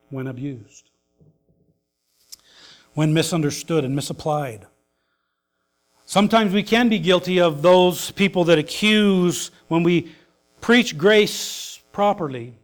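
A male pastor preaching a sermon, swinging between emphatic loud lines and hushed soft ones. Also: on the high side.

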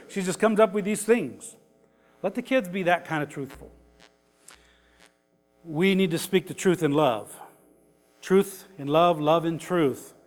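High-voiced older pastor preaching in a hall. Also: male voice. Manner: folksy, chuckling, rising to emphatic preaching. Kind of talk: conversational sermon. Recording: reverberant hall.

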